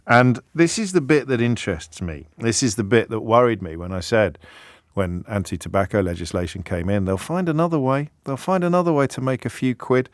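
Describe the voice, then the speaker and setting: A British radio phone-in host, a middle-aged man, speaking in a wry, conversational way. His voice sits low and the studio sound is dry and close. He often stumbles and restarts his sentences. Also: no room sound. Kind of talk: talk radio monologue. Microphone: close studio mic.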